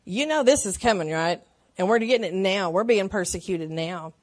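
Woman teaching a chatty Sunday school lesson. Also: mid-range voice. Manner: chatty, with personal stories and frequent laughs; reads scripture slowly and deliberately. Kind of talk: informal church teaching with scripture reading.

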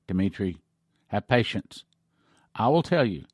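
A man's voice: lowish voice, sing-song, measured pace, slightly rough, dry recording, clean studio sound, heavily acted. A man voicing a stern, solemn angel. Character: stern male angel giving grave warnings.

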